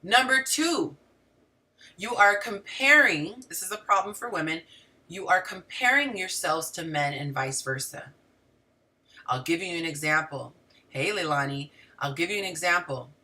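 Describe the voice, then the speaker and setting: A woman's voice: on the low side, a little slow, distant mic. A woman hosting a casual livestream as a relationship coach, talking animatedly and straight to her viewers with frequent asides. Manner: animated, talks to the audience directly with frequent asides. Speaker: relationship coach and show host.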